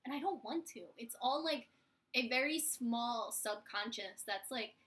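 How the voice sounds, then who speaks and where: A Philadelphia woman in her twenties chats casually on a live vlog, her voice fairly high, fairly bright, unhurried, and fairly even in intonation. She pokes fun at herself and performs the voices of the people she quotes.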